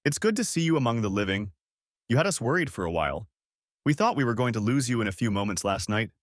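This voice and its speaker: A man voicing a kindly female British hospital nurse, gentle and reassuring, with a British accent. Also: mid-range voice, sing-song, quick pace, no echo, studio quality, lightly acted.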